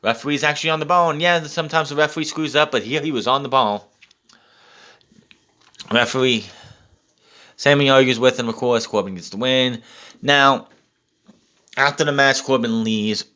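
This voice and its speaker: A man's voice: mid-range voice, normal speed, pauses often, pushed and bright. Young man, wrestling reviewer, casual recap, blunt, swearing, ranting.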